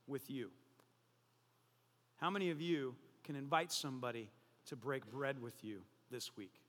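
Pastor, male, high bright voice, lively and joking, preaching in a large echoing church hall. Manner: animated, joking storyteller. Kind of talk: sermon.

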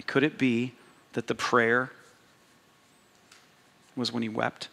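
A man preaching a sermon as pastor, slow and intimate, repeating words for emphasis. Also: medium pitch, steady tone, creaky, sharp tone. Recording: long hall reverb.

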